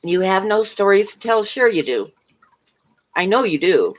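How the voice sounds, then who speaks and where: A woman's voice: mid-range voice, big pitch swings, measured pace. A woman streaming live, telling a long, rambling workplace story in casual chat, laughing often and breaking off to answer her viewers. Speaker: livestreamer.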